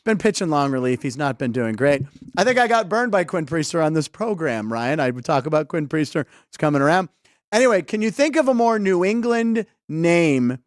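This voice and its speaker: A man's voice: on the high side, expressive, no room sound, clean studio sound. A man hosting a comedy sports betting show, chatting casually and joking around. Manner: jokey, quick to laugh. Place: casino studio.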